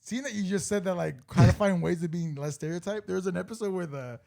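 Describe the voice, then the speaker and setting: A man's voice: high-pitched, fast talker, creaky, a little mellow. A young man co-hosting a podcast, chatting casually, swearing and laughing often as he rambles through stories. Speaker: podcast co-host. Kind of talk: casual chat.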